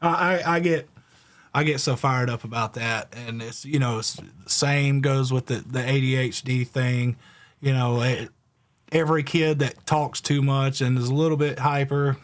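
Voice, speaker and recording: A man's voice: mid-range voice, steady tone, normal speed. A man hosting a call-in talk show, ranting in a fired-up way with casual profanity. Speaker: host.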